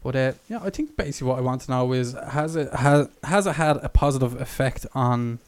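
A young man hosts a casual podcast in a mid-range voice. He is chatty and joking, leading the conversation with easy questions. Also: medium pitch. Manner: chatty, quick to joke, leads the questions. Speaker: podcast host. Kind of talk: casual chat.

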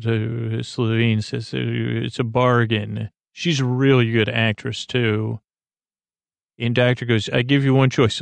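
Gravelly guy mumbling thru a show recap, flat voice, lots of uhs. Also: mid-range voice, dry recording. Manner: halting, many fillers and restarts. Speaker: podcast host retelling an episode. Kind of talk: sleepy rambling recap.

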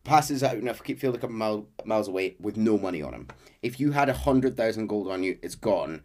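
A man co-hosting a podcast, casually retelling a game's story and slipping into quick character voices. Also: lowish voice, expressive, darkish tone. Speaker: podcast co-host.

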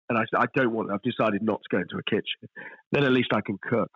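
A middle-aged man, a chef guest telling stories in a relaxed podcast interview, self-deprecating and full of restarts. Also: mid-range voice, fast talker, husky, no echo, highs cut off. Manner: chatty, self-deprecating storyteller with frequent restarts.

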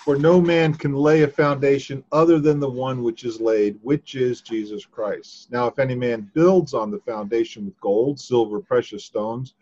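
A man's voice: mid-range voice, steady tone, moderate pace, few pauses, a little mellow, highs cut off. A man taking part in a casual Bible study, reading scripture aloud and answering questions.

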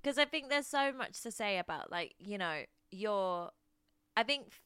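A woman in her twenties co-hosting a podcast, excitable and rambling, laughing often. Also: mid-range voice, normal speed, clean tone, dry recording, clean studio sound. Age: 20s. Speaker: podcast co-host. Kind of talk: casual chat.

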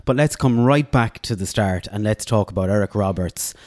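A man's voice: lowish voice, normal speed, darkish tone, no room sound, studio quality. A man hosting a podcast, chatty and teasing as he questions his guest. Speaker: podcast host. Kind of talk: casual podcast interview.

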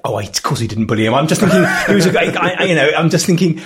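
A man's voice: fairly high pitch, animated, very fast, husky. A man chatting as a podcast guest, a wry, jokey storyteller who keeps interrupting and restarting himself. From England. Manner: rambling, self-interrupting storyteller with frequent restarts. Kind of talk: casual chat.

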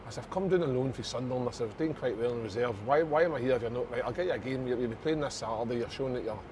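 A man's voice: medium pitch, very fast, noisy background. A man in his thirties telling a football story in casual chat, swearing and laughing. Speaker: podcast guest, former footballer.

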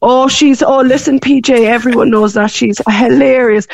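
A woman's voice: a little high, normal speed, vocal fry, no echo. Irish woman telling a story, lo-fi line. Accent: Irish, Cork. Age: 40s. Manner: animated storytelling, voices her mum's lines. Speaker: guest. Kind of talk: casual phone interview.

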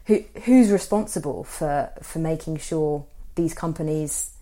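Very low-pitched woman interviewer. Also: warm tone. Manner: thoughtful, builds questions slowly with fillers. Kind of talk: interview questions.

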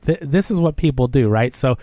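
A man's voice: medium pitch, expressive, a little fast, warm tone, no echo. A man in a mid-range voice talking casually and emphatically about a movie, pressing his opinions hard. The recording is dry and close-miked. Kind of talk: casual chat.

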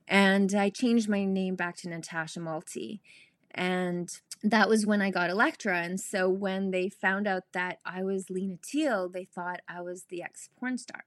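A woman actress telling stories as a podcast guest, animated and laughing, acting out the voices of people she quotes. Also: medium pitch, normal speed, no echo. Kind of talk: casual storytelling interview.

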